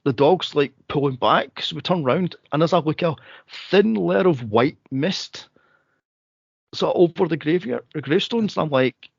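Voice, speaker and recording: Animated Scottish man telling a story. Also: fairly high pitch, moderate pace, gravelly, breathy edge, no room sound, lo-fi sound. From Scotland. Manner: animated, swears freely, laughs through the story. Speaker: podcast co-host. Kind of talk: casual storytelling chat.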